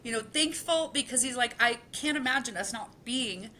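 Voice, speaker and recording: A woman with a bright, forceful voice talks openly as a podcast guest, laughing easily. A faint hiss and low rumble sit under her voice. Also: normal speed. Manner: candid and expressive, laughs often. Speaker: guest, keynote speaker and author. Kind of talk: podcast interview.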